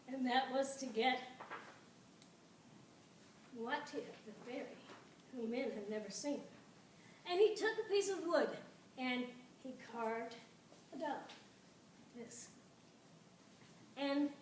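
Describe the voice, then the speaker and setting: A woman telling a folktale to an audience, dramatic and expressive, with pauses and repetition. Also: sits high, far from the mic, a little hiss or hum. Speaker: storyteller. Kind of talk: live folktale storytelling. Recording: echoey room, voice from afar.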